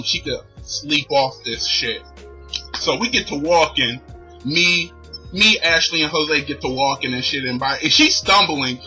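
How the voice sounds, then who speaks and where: A man's voice: on the high side, pushed and bright, rough recording. A young man vlogging, telling a long personal story in loose slangy talk and laughing as he goes. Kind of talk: casual storytelling.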